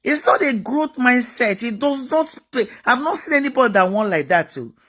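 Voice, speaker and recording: A woman's voice: a little high, expressive, normal speed, a bit bright. A woman giving a motivational talk, emphatic and repetitive, full of rhetorical questions. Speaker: motivational speaker.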